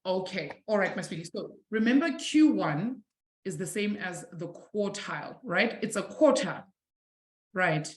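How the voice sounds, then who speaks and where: A woman's voice: medium pitch, animated, unhurried. Encouraging woman maths teacher, roomy sound. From South Africa. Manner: warm, encouraging, calls students "my sweetie". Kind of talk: live online maths lesson.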